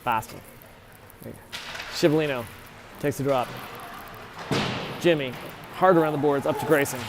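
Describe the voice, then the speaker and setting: Fairly high-pitched and steady in tone, a man provides amateur play-by-play of a youth hockey game at a normal speed, chatting casually and often correcting himself on players' names. The ice rink behind him is noisy.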